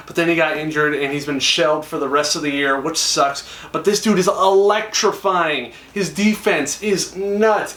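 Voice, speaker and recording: A man's voice: fairly high pitch, a bit bright, far from the mic. A young man chatting enthusiastically to camera, acting out quoted lines. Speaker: YouTuber. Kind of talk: casual talk to camera. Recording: echoey room, a little off-mic.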